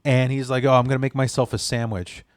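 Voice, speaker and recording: A man's voice: medium pitch, little pitch movement, quick pace, dry recording. Man, Chicago-area podcast guest, rambling profane storyteller, dry close sound. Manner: profane, rambling with many restarts. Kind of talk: casual storytelling.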